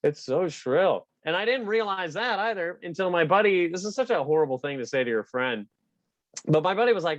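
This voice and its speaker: Shrill-voiced man doing stand-up. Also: lively intonation, fairly quick, no echo. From Canada. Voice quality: shrill, buzzy voice. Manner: self-mocking, laughs between jokes. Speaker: stand-up comedian. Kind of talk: stand-up set over video call. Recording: dry, muffled video-call audio.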